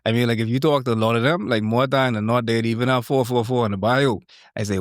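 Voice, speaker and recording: A man, co-hosting a casual podcast chat, joking and animated in slangy Caribbean speech. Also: mid-range voice, fast talker, no room sound, clean studio sound. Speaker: podcast co-host.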